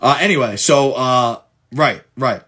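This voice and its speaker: A husky, sharp-toned man of medium pitch, speaking a little slowly, coaches football players over film in a laid-back client session. His style is blunt and profane, with lots of stumbles, restarts, and repeated words for emphasis.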